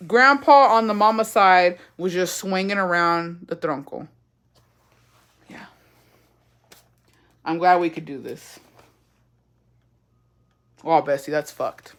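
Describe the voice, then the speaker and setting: A woman's voice: lowish voice, takes it slowly, pauses often, fairly bright tone. A woman hosting a casual livestream, blunt and profane, explaining family drama and tossing in Spanish phrases. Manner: sassy, repetitive explaining. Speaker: livestream host answering viewer questions. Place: lives in Mexico.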